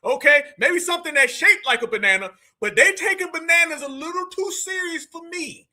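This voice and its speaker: A man hosting a live show, reacting to clips with loud exclamations and mocking asides to his viewers. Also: extremely high pitch, a little fast. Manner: exclaiming, mocking, laughing, addresses viewers as fam. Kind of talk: animated live reaction commentary.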